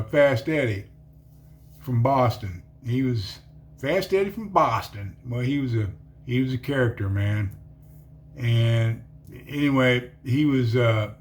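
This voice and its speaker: A man's voice: mid-range voice, a little hiss or hum. A middle-aged man rambling through a personal testimony, full of fillers and calling the listener "man". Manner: rambling, filler-heavy, says "man" often. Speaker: testimony speaker.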